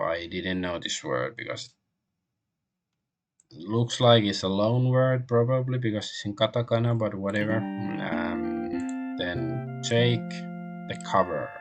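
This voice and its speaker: A man streaming a game, translating the on-screen text aloud as he goes, with frequent pauses and restarts. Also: lowish voice. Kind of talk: live game stream commentary.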